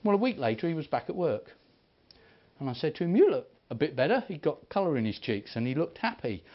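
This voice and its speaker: A man preaching, telling stories in an animated way and acting out the people he quotes. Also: on the high side, fairly quick. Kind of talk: sermon storytelling. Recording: dull lo-fi recording.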